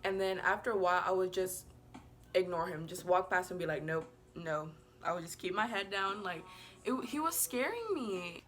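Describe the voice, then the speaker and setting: Soft background music plays as a woman vlogger, her voice on the low side and fairly bright, tells a casual storytime to the camera at a normal speed. She's chatty and rambling, uses "like" a lot, giggles, bubbles over, and apologizes playfully.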